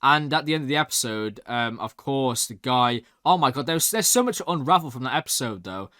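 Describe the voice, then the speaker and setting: A young man hosting a reaction channel, excitedly rambling through a recap with lots of "like". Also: medium pitch, fairly quick, no room sound, studio quality. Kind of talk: casual recap and review.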